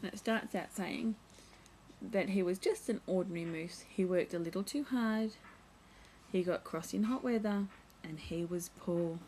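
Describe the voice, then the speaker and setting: A woman's voice: lowish voice, moderate pace, darkish tone, slight background noise, low-quality recording. A young woman vlogging at home, chatting casually as she shows and reads from a children's picture book, full of playful asides.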